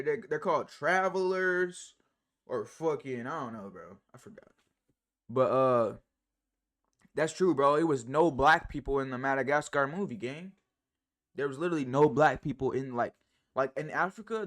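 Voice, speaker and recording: Man, live reaction stream, casual chat, slangy, profane, rambling, fillers, jumpy pitch and loudness.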